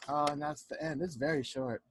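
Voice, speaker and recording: A male teacher reading a picture book aloud to children on a home video, chatty and animated, often stopping to talk to the kids about the pictures. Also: on the high side, a little hiss or hum. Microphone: home video recording.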